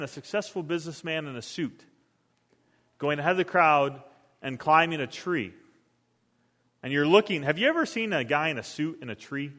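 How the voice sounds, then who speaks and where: A middle-aged man preaching in a hall with a long echo. His voice sits a bit high for a man. He tells stories, acts out quotes, and swings from near-whispers to loud bursts. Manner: storytelling with acted quotes, animated swings in volume. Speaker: pastor. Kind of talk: sermon.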